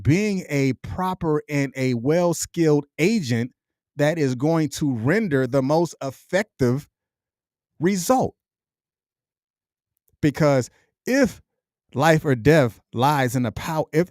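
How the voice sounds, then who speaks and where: A middle-aged man speaks straight into a dry, close mic, his voice sitting a touch higher than most men's. He builds a motivational monologue in rolling, repeated phrases with a preacher's cadence. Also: a little mellow, no room sound. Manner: reflective, repetitive, preacher-like cadence. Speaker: podcast host.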